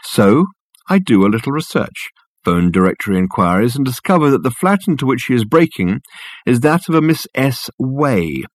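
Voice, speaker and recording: A man voicing a smug, eccentric male private detective who lectures in a pompous, crisp way. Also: medium pitch, very animated, normal speed, dry recording, pitched above the performer's own voice. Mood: lecturing.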